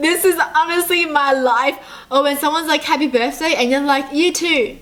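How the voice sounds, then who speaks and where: A woman's voice: high-pitched, animated, normal speed, a bit bright. A bubbly, giggly young woman from Australia, chatting casually as she reacts to memes. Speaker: YouTube reaction host.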